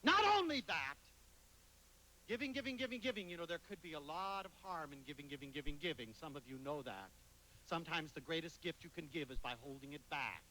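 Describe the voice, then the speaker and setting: Male speaker, high bright voice, lively lecture delivery, drops to near-whisper and bursts loud. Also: brisk, a little hiss or hum, poor audio. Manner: animated, dramatic storytelling with sudden loud and soft swings. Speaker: motivational speaker. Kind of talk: public lecture with anecdotes.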